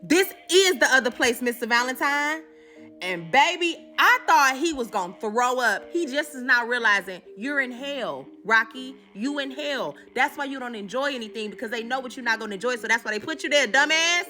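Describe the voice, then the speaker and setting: A woman's voice: a little high, animated, fairly quick, hardly any pauses, pushed and bright, soft background music. A woman hosting a comedic recap, telling the story in a sassy, slangy way and acting out the characters. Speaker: host.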